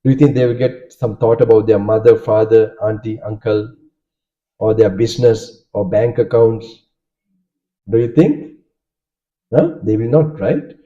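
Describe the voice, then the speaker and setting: Speaking in a lowish voice at a measured pace with long pauses, a Sri Lankan monk whose native language is Sinhala delivers a Dharma talk. He puts questions to listeners and keeps checking in with "okay?", all on a dull, lo-fi recording.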